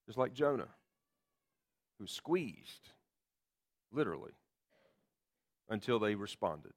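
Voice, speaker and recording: A man's voice: fairly low pitch, sing-song, takes it slowly. A man preaching a sermon, explaining scripture with emphatic quotations. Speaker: pastor.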